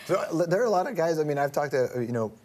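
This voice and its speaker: Male host, quick talker, conversational, laughs along. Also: a little high, lively intonation, a little mellow. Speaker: talk show host. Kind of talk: casual interview chat.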